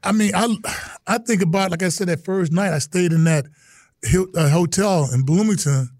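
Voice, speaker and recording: A middle-aged man from Texas, a retired football player, telling stories as a guest in an animated, exclaiming way. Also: sits high, normal speed, dry recording, clean studio sound. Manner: animated, exclaiming, acts out quotes. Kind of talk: storytelling in casual chat.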